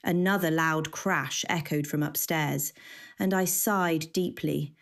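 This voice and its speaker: A woman narrating a first-person cozy mystery audiobook in a measured, wry way. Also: low-pitched, steady tone, vocal fry.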